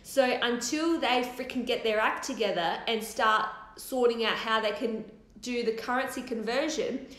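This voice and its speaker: This hair topper business owner, an Australian woman in her thirties, speaks at normal speed in a fairly high, slightly bright voice. Her casual livestream Q&A from her new office rambles along with offhand swearing, and the room echoes.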